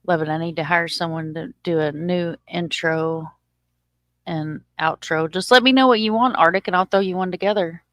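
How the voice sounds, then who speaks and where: Woman, stream host, slightly low voice, joking and loose, dry close sound. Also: fairly even intonation, moderate pace, fairly bright tone, no echo. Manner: loose, joking, swears casually. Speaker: channel host. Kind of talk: casual livestream chat.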